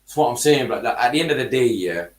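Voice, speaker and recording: A man's voice: mid-range voice, expressive, fast talker. A man hosting a football podcast, ranting heatedly in casual chat, swearing and using heavy street slang.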